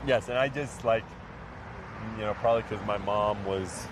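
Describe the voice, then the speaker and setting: A man's voice: fairly low pitch, normal speed, background noise. A man from New Orleans, a podcast guest in casual chat, explaining his ideas at length.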